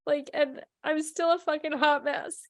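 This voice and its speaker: High bright woman cohost, blunt and sweary, dry sound. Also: little pitch movement, unhurried, no echo. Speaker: podcast co-host. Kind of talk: casual chat.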